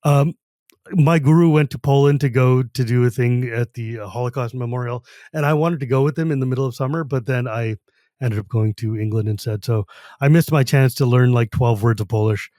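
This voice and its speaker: A man's voice: medium pitch, a little fast, mellow, dry recording, studio quality. A man hosting a podcast in a casual chat, joking, laughing often and saying "like" a lot. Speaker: podcast host.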